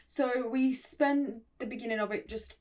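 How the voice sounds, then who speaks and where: A woman's voice: fairly high pitch, fairly even intonation, unhurried, a little mellow, recorded from a distance. A woman casually reading a fan story aloud, with giggly, sarcastic asides. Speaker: story reader and commentator.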